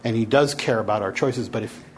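A man's voice: on the low side, a little fast, background noise. A man teaching a Bible class, lecturing and challenging his students to argue back.

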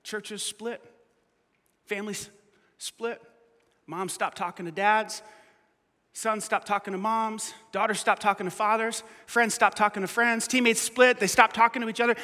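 A man preaching a sermon, swinging between hushed, drawn-out lines and loud, pleading passages. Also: sits high. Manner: dynamic preaching, dropping to hushed lines and rising to loud pleas. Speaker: pastor. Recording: reverberant hall.

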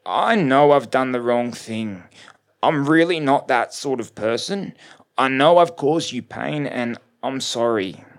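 A man's voice: medium pitch, lively intonation, a little slow, pitched above the performer's own voice. A man voicing a polite, contrite young man who speaks earnestly and carefully.

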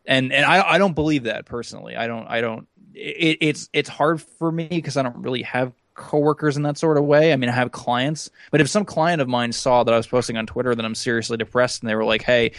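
A man co-hosting a podcast, talking loosely with plenty of halting restarts. His voice is close and dry, with no room sound. He rambles from one thought to the next. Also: medium pitch, fairly bright tone, dry recording. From United States. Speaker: podcast co-host. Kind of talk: casual podcast chat.

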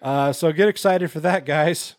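A man's voice: a little high, a little slow, no room sound, studio quality. A man co-hosting a casual podcast chat, rambling with many fillers and restarts. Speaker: podcast co-host.

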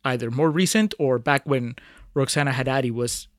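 A man's voice: medium pitch, normal speed, dry recording, clean studio sound. A man co-hosting a podcast, chatting casually and reading critic quotes aloud. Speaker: podcast co-host.

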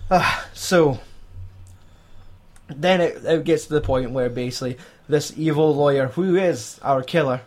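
Scottish young guy podcasting, swears a lot, kinda high voice, loose and jokey. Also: measured pace. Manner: sweary, laughing, jumps into silly put-on voices. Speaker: podcast co-host. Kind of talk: casual chat.

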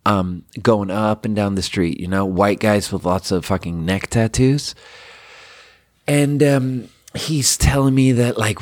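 A man's voice: fairly low pitch, fairly even intonation, measured pace, darkish tone. A man telling a long personal story in a casual, rambling way, swearing often and using lots of fillers. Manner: rambling and profane, heavy with fillers.

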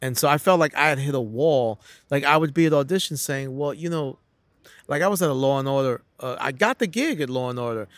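A middle-aged man from New York City, guesting on a casual interview as a comedian, tells stories and acts out what people said, restarting often. His medium-pitched voice is slightly fast and a bit bright, recorded dry.

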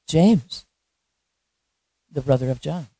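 A woman preaches a sermon and tells the story with animated, laughing energy. Her voice sits low, with a mellow, warm tone. The sound is dry and close. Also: slow, slightly rough, no room sound.

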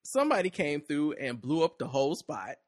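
A man's voice: a little high, sing-song, brisk, no room sound, clean studio sound. A man hosting a casual podcast, laughing often and talking in loose slang while he reads a story aloud. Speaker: podcast host.

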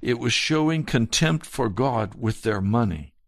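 A man preaching a slow, earnest sermon and telling a personal testimony. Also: medium pitch, lively intonation, no echo, studio quality. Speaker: pastor.

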